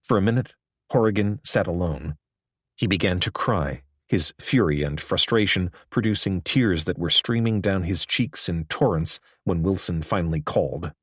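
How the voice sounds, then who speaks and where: A man in a measured, even scripted audiobook narration. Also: low-pitched, husky, no echo, studio quality.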